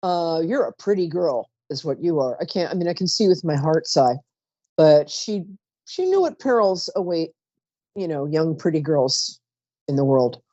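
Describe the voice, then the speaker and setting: Psychic call-in host, woman, rambling and chatty, lively swooping voice, mellow tone, dry dull recording. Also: deep voice, moderate pace, dry recording. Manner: chatty, warm-toned asides, trails off mid-sentence. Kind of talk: live call-in psychic reading.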